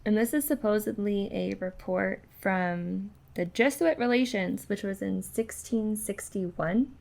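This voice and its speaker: A young woman co-hosting a podcast, chatting casually and reading a passage aloud haltingly, with many ums and restarts. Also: mid-range voice, vocal fry, a little mellow. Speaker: podcast co-host.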